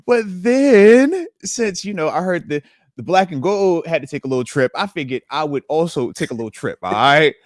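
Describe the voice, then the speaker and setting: A man, a former pro football player, co-hosting a casual sports podcast and telling animated stories. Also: on the high side, moderate pace, dry recording, clean studio sound. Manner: animated storyteller, acts out voices.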